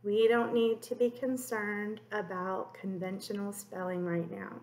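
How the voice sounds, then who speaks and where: A woman teacher talks young children through a phonics lesson at a very unhurried pace. She draws out each sound gently and encourages the kids. Her voice rings in a roomy, echoey space. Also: mid-range voice, flat delivery. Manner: slow, drawn-out sounding of letters. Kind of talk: early-grade phonics lesson.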